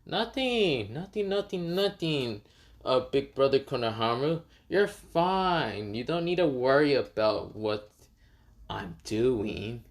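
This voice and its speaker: A man's voice: medium pitch, lively intonation, slow. A man voicing a smug, overpowered boy ninja who brushes off questions in an offhand way. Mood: dismissive. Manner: dismissive, offhand.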